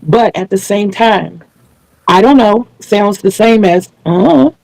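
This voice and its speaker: This channel host interviews a guest in a casual video chat, explaining things earnestly and at length with small restarts. Her voice is medium-pitched, a bit slow, creaky and darkish, recorded with no echo but poor audio quality.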